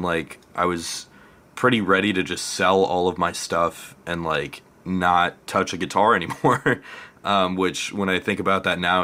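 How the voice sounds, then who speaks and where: A man's voice: deep voice, bright, forceful tone. A man talking as a guest musician in a casual interview, laughing often and speaking openly about his past. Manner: laughs often, open and reflective.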